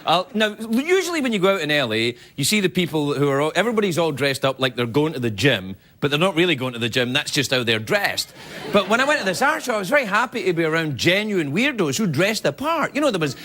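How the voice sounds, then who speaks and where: A man hosting a late-night talk show, delivering an animated, joking comedy monologue on a TV studio stage. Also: fairly high pitch, fast. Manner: animated, joking, jumps into silly voices. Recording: loud studio audience laughter and noise.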